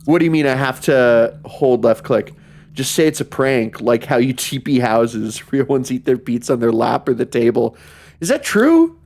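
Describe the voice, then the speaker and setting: A man streaming a horror game, talking casually with lots of swearing, jokes and loud reactions. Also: mid-range voice, steady tone, moderate pace. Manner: profane, joking, often laughing and reacting loudly. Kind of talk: casual gaming commentary.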